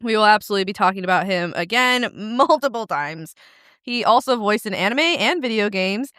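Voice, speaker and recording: A woman's voice: mid-range voice, lively intonation, a little fast, sharp tone, dry recording, clean studio sound. A young woman co-hosting a casual podcast, reading out notes with laughs and swearing. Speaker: podcast co-host. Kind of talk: casual chat.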